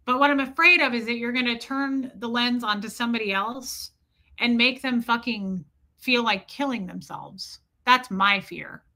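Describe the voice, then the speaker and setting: A middle-aged woman hosts a livestream, her fairly high voice carrying a sharp tone. She talks bluntly and defiantly in a casual way, swearing frequently.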